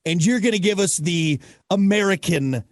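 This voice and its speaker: A man's voice: high voice, moderate pace, dry recording, studio quality. A man hosting a radio interview, enthusiastic and joking with his guest. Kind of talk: casual interview chat.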